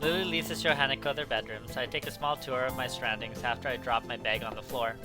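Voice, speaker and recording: A man's voice: mid-range voice, fairly even intonation, quick pace, over music, rough recording. A man hosting a let's play, reading visual novel narration aloud with casual, jokey asides.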